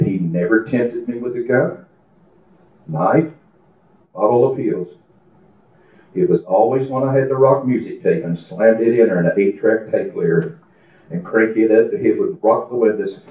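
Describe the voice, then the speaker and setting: An older man preaching a fervent testimony sermon in a church, building to shouting. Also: on the low side, unhurried. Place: church sanctuary. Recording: echoey, distant, dull church recording.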